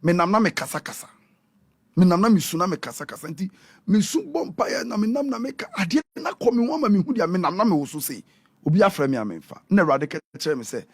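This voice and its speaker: A man with a Ghanaian accent, a pastor in a radio interview who talks like he is preaching, swinging his pitch up and down with lively energy. His voice is breathy and a little raised, and the studio sound is dry and close. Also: fast talker, no echo. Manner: animated preaching, switching between Twi and English.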